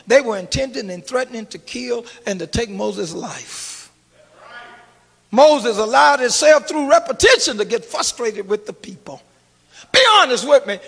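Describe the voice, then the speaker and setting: A middle-aged male pastor preaching in a big church hall, his voice very high for a man, with a gravelly edge. He drops to a hush and then rises to a shout, calling out to the congregation, while long reverb trails behind each phrase. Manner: preaching with call-and-response, swinging between hushed and shouted. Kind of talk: sermon. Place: church sanctuary.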